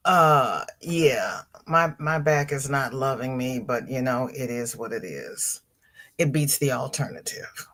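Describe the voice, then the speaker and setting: A woman's voice: a bass voice, slow pace, hardly any pauses, fairly bright tone. A middle-aged woman hosting a casual livestream, greeting viewers by name and reading out their chat comments. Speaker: livestream host.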